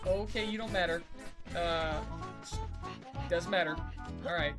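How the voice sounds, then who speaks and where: A man's voice: sits high, measured pace, long pauses. A man casually commentating as he plays a video game, rambling and chuckling and talking back to the characters. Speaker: streamer playing a video game. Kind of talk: casual let's-play commentary. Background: game music.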